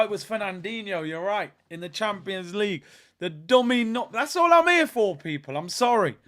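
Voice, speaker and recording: A young man hosting a live football watch-along, talking in excitable, slangy banter as he reacts to the match. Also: high-pitched.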